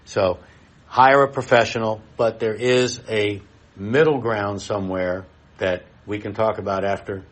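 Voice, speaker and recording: A middle-aged man giving a live expo presentation in a blunt, folksy way, talking straight to his audience. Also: on the low side.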